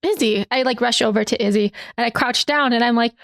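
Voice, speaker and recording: A woman player quickly and casually describing her character's actions in a tabletop game. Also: on the high side, gravelly, a bit bright, no echo, clean studio sound.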